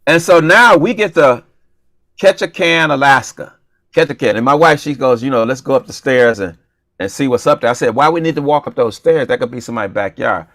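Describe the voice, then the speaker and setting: This talk-show co-host and comedian speaks briskly in a medium pitch, captured in a dry, studio-quality recording. He tells a funny story playfully and casually, acting out the dialogue with animation.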